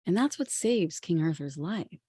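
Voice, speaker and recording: A woman podcast co-host retelling a legend in a lively, chatty way. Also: on the low side, measured pace, slightly rough. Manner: lively, chatty, many "you know"s. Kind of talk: casual storytelling.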